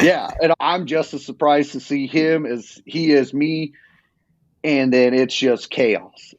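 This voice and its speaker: A man telling a hunting story in a casual, animated and rambling way, full of restarts. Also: medium pitch, no echo. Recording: dull lo-fi sound.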